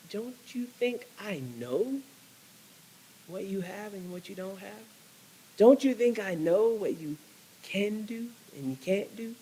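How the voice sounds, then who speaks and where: A man's voice: sits high, husky, pitched above the performer's own voice, exaggerated voice, low-quality recording. A man voicing an all-powerful creator God who presses with question after question. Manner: questioning, pressing, repeats challenges.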